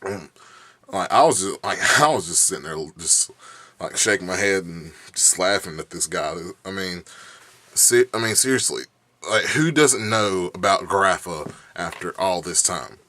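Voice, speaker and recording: A man's voice: low-pitched, animated, measured pace, bright, forceful tone. Rambling young man with a cough. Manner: heated, rambling, profane, many restarts and fillers. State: bad cough. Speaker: YouTube vlogger. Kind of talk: casual rant.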